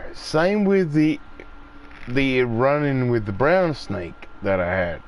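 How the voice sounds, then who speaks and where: A man's voice: medium pitch, expressive, slow pace, a bit bright, slight background noise. An Australian man chatting casually on a gaming stream, rambling and swearing freely as he tells stories. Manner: swears freely, acts out voices when telling stories.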